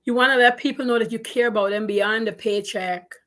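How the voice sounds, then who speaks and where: Animated woman business coach, fairly high voice. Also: brisk. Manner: animated and emphatic, repeats points for stress. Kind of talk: casual advice interview.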